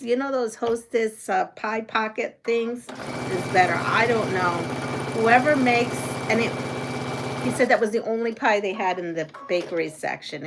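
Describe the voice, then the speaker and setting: Woman, quilting stream host, slow and easy talker, medium pitch, giggles often and chats with viewers between trivia questions. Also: gravelly, noisy background. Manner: chatty, answers viewer comments and trivia questions as she works. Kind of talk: casual live-stream chat while sewing.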